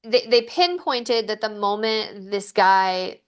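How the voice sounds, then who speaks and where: A woman coach chatting on a podcast, telling stories in a lively way with many fillers. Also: mid-range voice, slow pace, clean tone. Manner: lively storytelling, filler-heavy. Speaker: coach guest. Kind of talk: casual podcast conversation.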